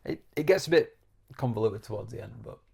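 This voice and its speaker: Cohost guy, gravelly voice, lots of teasing questions and dry little asides. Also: on the low side, animated, a little fast, a crowd in the background. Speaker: podcast co-host. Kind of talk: casual chat.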